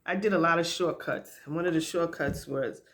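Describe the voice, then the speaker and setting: A woman's voice: fairly low pitch, brisk, a bit bright, a little hiss or hum. A middle-aged woman chatting casually while she cooks in her home kitchen, laughing often and talking straight to her viewers. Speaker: home cook vlogger. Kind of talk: casual cooking chat.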